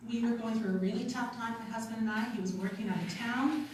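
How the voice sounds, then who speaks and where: A woman's voice: fairly high pitch, fast, a little mellow, recorded from a distance, a little hiss or hum. Emotional woman speaking in an echoey hall. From Canada. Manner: heartfelt, close to tears, nervous laughs. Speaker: network marketing team leader giving a speech. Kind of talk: emotional personal testimony. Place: large event hall.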